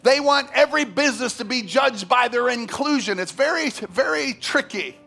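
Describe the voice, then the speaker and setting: A man preaching a sermon as pastor, swinging from loud, fervent emphasis to quiet asides. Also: very high-pitched, animated, normal speed, gravelly, faint music behind.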